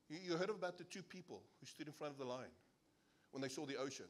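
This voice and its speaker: A man's voice: high-pitched, fast. A male pastor with a South African English accent preaching a sermon, telling stories with acted-out voices. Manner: animated storyteller acting out voices. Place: church service.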